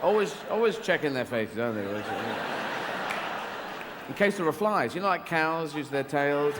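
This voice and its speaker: English man, stand-up comedian, rambling and sweary, fairly high voice, live hall reverb, audible ambience. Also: expressive, brisk, noisy background. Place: large theater stage.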